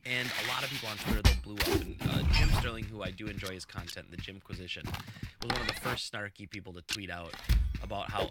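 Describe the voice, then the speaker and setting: A man's voice: fairly low pitch, brisk. A man hosting a casual live-streamed podcast, rambling with lots of fillers and chuckling asides. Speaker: podcast host. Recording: loud clicking noise behind the voice.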